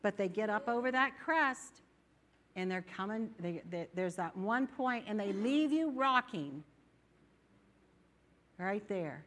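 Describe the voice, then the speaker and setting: Bright, lively woman preaching. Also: mid-range voice, takes it slowly, pauses often. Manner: animated, acts out inner voices. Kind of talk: sermon. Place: church.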